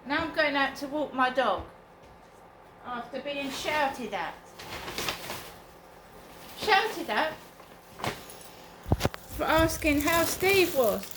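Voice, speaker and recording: A woman's voice: high voice, animated, takes it slowly, long pauses. A woman vlogging on a morning dog walk, chatting to camera in a rambling, aggrieved way. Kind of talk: casual chat to camera. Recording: echoey with loud outdoor noise.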